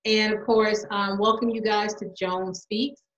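A woman's voice: mid-range voice, flat delivery, a little slow, reverberant, dull audio. A woman playing a mother in a monologue, emotional and defiant as she speaks out. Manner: emotional, defiant, building to anger. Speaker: mother speaking on her platform. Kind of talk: theatrical monologue.

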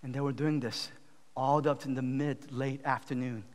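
A male pastor preaching a sermon, retelling a Bible story with loud emphatic peaks and low, slow, quiet appeals. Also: flat delivery. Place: church sanctuary. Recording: long hall reverb.

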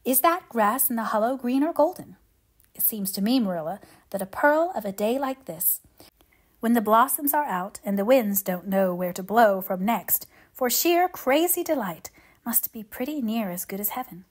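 A woman's voice: medium pitch, lively intonation, moderate pace, natural voice. Anne, a woman reading a dreamy young woman. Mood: rapturous. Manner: effusive, lyrical, gushing.

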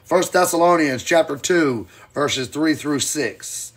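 A man preaching in a live-streamed Bible teaching. He is fiery and emphatic, swinging between loud and quiet, and reads scripture slowly and deliberately. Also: a little high, breathy edge.

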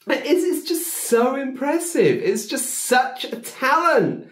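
A man reacting to a song with excited, gushing commentary, laughing often and breaking into shouts. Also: very high-pitched, takes it slowly. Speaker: music reaction video host. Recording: echoey room, song playing faintly. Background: faint music.

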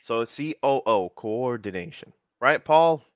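A man's voice: medium pitch, animated, unhurried, dry recording. A man hosting a live coding session, chatting casually and teasing his co-hosts, with lots of "you know".

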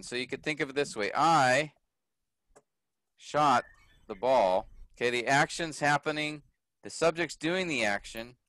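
A man's voice: a little high, a bit bright, dry recording, low-quality recording. A man teaching a class, explaining grammar patiently and often checking whether his students follow.

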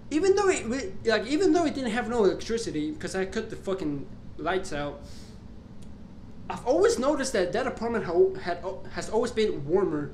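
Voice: mid-range voice, very animated, normal speed, a little mellow, a little hiss or hum. A young adult vlogger casually telling a story, swearing a lot, rambling and restarting, sounding exasperated. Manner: profane, rambling, exasperated retelling with frequent restarts. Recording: roomy echo, faint background ambience.

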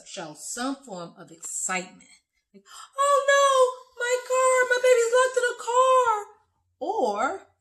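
A woman teaching a children's lesson, expressive and acting out example sentences. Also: mid-range voice.

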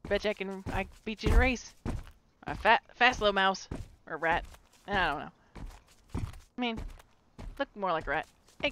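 A woman's voice: mid-range voice, fairly bright tone, a little hiss or hum. A woman streaming a horror game, commenting live and playfully taunting a monster, swearing freely.

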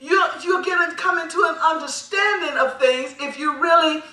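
A woman's voice: extremely high pitch, normal speed, bright, forceful tone. A woman pastor preaching a sermon, calling for responses from the congregation and laughing between points. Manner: emphatic call-and-response preaching. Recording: echoey hall, mic at a distance.

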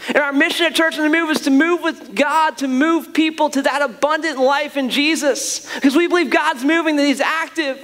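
High-voiced man preaching emphatically. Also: steady tone, normal speed, few pauses, fairly bright tone. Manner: earnest, emphatic preaching with repeated restarts. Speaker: pastor. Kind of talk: sermon.

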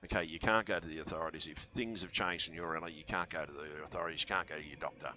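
Man, deep voice, rambling vlog talk, conspiratorial, dull headset sound. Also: fairly even intonation, very fast, sharp tone. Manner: rambling, conspiratorial, full of fillers and restarts. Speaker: channel host. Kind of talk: rambling vlog monologue answering comments.

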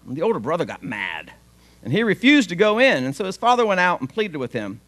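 A man's voice: high-pitched, huge pitch swings, fast talker, fairly bright tone. A man, preaching a sermon as pastor, retelling a story in a conversational way and voicing the father's lines.

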